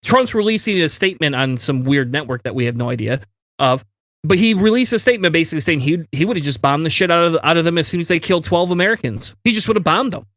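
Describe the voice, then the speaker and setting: Podcast co-host, male, high voice, angry swearing rant, dry close mic. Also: animated, quick pace, fairly bright tone, dry recording. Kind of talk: heated political discussion.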